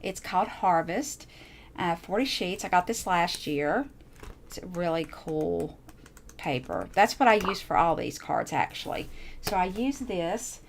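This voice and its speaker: A woman's voice: fairly low pitch, animated, unhurried, creaky, slight background noise. A woman chatting casually as she shows off her handmade crafts, gushing and repeating herself. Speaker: crafting channel host. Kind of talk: casual show-and-tell crafting chat.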